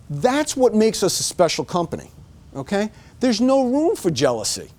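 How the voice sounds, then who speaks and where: A man's voice: high-pitched, wildly swooping pitch, normal speed, a little mellow. A middle-aged man giving a motivational talk to staff, emphatic and punching his points with repeated "okay?". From United States. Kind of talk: motivational speech. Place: room with a staff audience.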